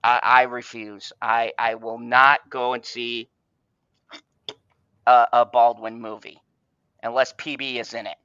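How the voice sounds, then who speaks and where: A man's voice: mid-range voice, flat delivery, measured pace, long pauses, sharp tone, clean tone, no room sound. A man hosting an online fan podcast, ranting angrily with heavy profanity and stammered restarts. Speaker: podcast host. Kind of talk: ranting casual chat. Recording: dull, dry home mic sound.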